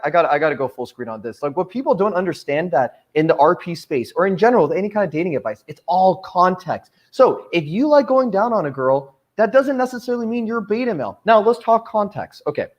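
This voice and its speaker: Man, podcast host, rapid delivery, slightly high voice, emphatic, crude, casual chat. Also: very animated.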